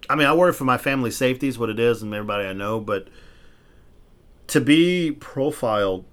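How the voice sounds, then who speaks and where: A man's voice: medium pitch, a bit bright. A man hosting a casual podcast, telling stories in a heated, profane way and restarting his words when he gets worked up. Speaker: podcast host.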